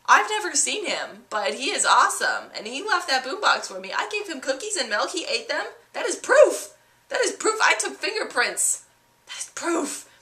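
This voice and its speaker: A woman's voice: sits high, moderate pace, reverberant, voice pushed up, exaggerated voice. A woman doing a squealing giddy little girl. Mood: indignant. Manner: breathless, squealing excitement. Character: giddy little girl, gushing and easily upset.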